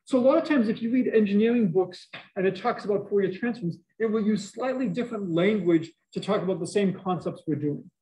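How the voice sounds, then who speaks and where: This math professor, a middle-aged man with a Boston accent, talks a little fast in a high pitch with few pauses, joking animatedly with his class. A face mask muffles him, and there's slight background noise.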